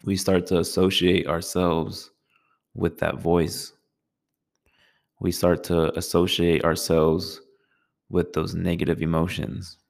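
A man giving a calm, measured talk on meditation, speaking in a slow and soothing way. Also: sits low, gravelly. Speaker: meditation teacher.

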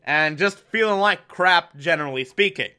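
A man's voice: on the high side, pushed and bright, clean tone. A man voicing a stern mother who rattles off sarcastic orders to her daughter. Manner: rapid, sarcastic lecturing.

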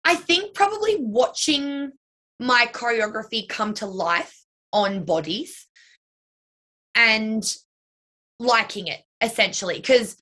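A woman's voice: on the high side, lively intonation, slow pace, long pauses, pushed and bright. A young woman, a dance and cheer coach and choreographer, answering interview questions in a chatty way, full of "like" and "you know".

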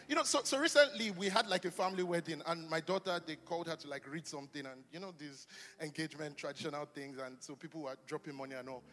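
A male pastor preaching a casual, joking sermon to a live congregation. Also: a little high. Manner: animated, chatty, jokes with the congregation. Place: church hall with long reverb. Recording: live church hall reverb.

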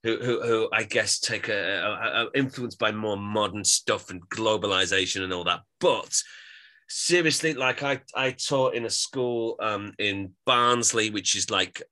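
Bright-voiced man explaining. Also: lowish voice, a little slow. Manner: chatty, explanatory, with many restarts. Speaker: podcast co-host. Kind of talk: casual chat.

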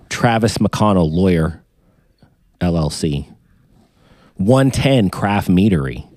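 A man hosting a podcast, chatting casually and joking as he reads through sponsor shout-outs. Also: lowish voice, no echo. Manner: rambling, joking, hypes sponsors. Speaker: podcast host.

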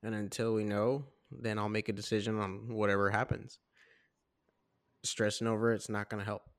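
A man's voice: on the low side, little pitch movement, normal speed, no room sound, clean studio sound. A man co-hosting a casual podcast, talking bluntly and matter-of-factly with a no-nonsense, tough-minded manner. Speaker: podcast co-host. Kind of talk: casual chat.

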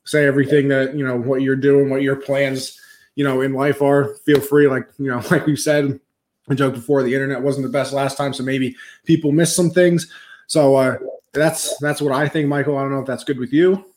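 A man's voice: medium pitch, flat delivery, normal speed, a little mellow. A man co-hosting a casual podcast, talking in a playful, chatty way with lots of fillers. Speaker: podcast co-host. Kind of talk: casual chat.

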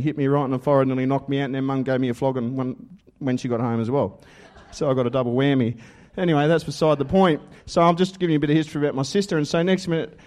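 Australian man, higher voice, preaching a testimony, storytelling with plenty of laughs. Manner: animated storytelling with laughs and loud acted quotes. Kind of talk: testimony sermon.

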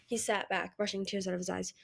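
A woman's voice: mid-range voice, little pitch movement, fast, vocal fry. Woman reading a novel aloud. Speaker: audiobook reader.

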